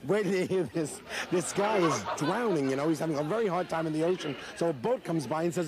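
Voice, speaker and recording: Man, high-pitched, jovial joke-teller, noisy old recording. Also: fast. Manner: jovial, laughs while telling. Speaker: comedian. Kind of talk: telling a joke.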